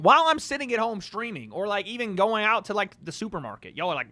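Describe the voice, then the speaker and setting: A man's voice: high-pitched, sing-song, quick pace, few pauses, pushed and bright, no echo. A man hosting a livestream from home, joking and trading playful trolling banter with his chat. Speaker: livestream host.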